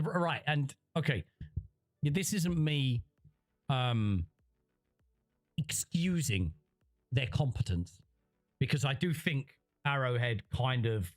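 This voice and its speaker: A man rambling through livestream commentary, reading chat and restarting his sentences often. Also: a little high. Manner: rambling, conversational, frequent restarts.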